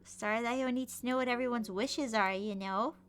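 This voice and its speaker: A young woman streaming a game, chatting playfully and gushing over cute outfits, sometimes dropping to soft whispers. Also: fairly high pitch, normal speed, clean tone. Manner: slips into soft whispers and mutters. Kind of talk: casual gameplay commentary. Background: game music.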